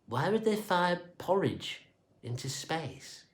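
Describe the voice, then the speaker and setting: A man's voice: fairly high pitch, sing-song, takes it slowly, voice pushed up. A jittery, sheepish young caretaker who stutters over his words, voiced by a man reading a storybook. His lines wobble with nerves and spring up and down. The reading sits in an echoey room. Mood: puzzled. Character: nervous young male caretaker, timid and stammering.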